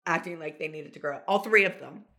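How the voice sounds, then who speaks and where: A woman guest in a casual chat, talking in a relaxed way with halting restarts. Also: sits low. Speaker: guest who took part in the events.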